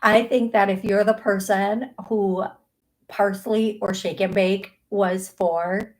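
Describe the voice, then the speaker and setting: A woman's voice: mid-range voice, fairly even intonation, slow pace, low-quality recording. A middle-aged woman hosting a psychic medium show, chatty and casual, with frequent restarts and easy laughter. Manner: chatty, laughs easily, many restarts and fillers. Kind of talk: live call-in show talk.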